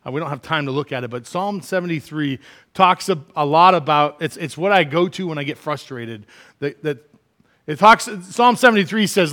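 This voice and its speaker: A middle-aged man preaching a sermon, animated, acting out quoted complaints with big swings from quiet to loud. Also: on the high side, moderate pace. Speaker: pastor.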